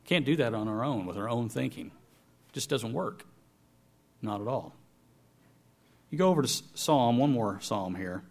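A man preaching a sermon, reading scripture with raised, emphatic lines and then sinking into quiet, low remarks. His voice sits at an average pitch, and he slows down to stress key phrases. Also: lively intonation, vocal fry.

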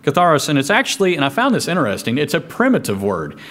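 A man's voice: a little high, wildly swooping pitch, fast, a bit bright. A man preaching a sermon in a conversational way, reading scripture aloud and stopping to restart his sentences. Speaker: pastor.

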